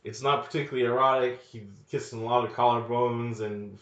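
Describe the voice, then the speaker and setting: A man's voice: mid-range voice, fairly even intonation, a little fast. A man co-hosting a podcast, riffing on a movie in casual chat, joking and swearing often. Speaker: podcast co-host. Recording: echoey room, dull lo-fi sound.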